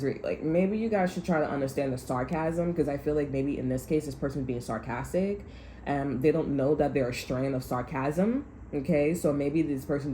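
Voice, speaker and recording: A woman with a low, mellow voice rambles heatedly through a casual tarot reading, swearing freely as she goes. Her voice rings in an echoey room with faint noise behind it. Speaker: tarot reader.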